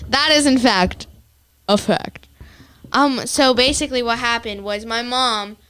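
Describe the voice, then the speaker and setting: A woman's voice: a little high, unhurried, a bit bright, smooth. A teenage girl co-hosting a casual chat show, telling stories in a chatty way full of fillers. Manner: chatty storyteller, lots of fillers and laughs. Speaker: co-host.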